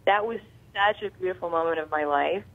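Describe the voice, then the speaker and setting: A woman guest calling in to an interview, candid and quick to laugh. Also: lowish voice, narrow, tinny audio. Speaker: guest actress. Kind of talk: casual interview chat. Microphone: phone call-in.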